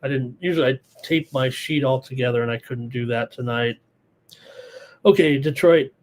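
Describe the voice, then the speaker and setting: A hoarse man hosting a live sports betting show, thinking aloud through picks in a rambling, casual way. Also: mid-range voice, moderate pace. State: hoarse, losing his voice.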